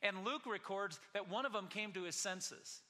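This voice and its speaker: A man preaching a sermon to his congregation, earnest, asking rhetorical questions and slowing down for emphasis. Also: high voice, bright, forceful tone, long reverb tail. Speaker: pastor.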